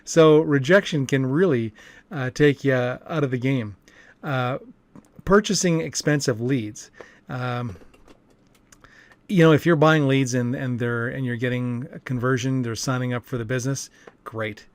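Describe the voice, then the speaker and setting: A man's voice: medium pitch, unhurried, dry recording. A man coaching about network marketing in a rambling, casual way, with many fillers and restarts. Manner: rambling, frequent fillers and restarts, chuckles often. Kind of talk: casual talking-head monologue.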